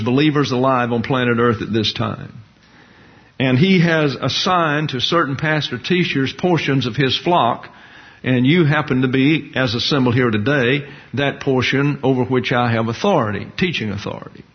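Folksy male pastor preaching in a church, lo-fi recording, mid-pitched voice. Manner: folksy, jokey asides with acted-out quotes. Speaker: pastor-teacher. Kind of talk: sermon. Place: church hall with a congregation. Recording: dull lo-fi sermon recording.

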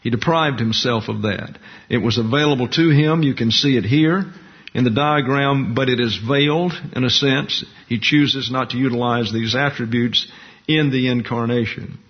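A man teaching a Bible study lecture, explaining doctrine slowly and carefully and walking through Greek terms and a diagram. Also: medium pitch, husky. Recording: muffled lo-fi recording.

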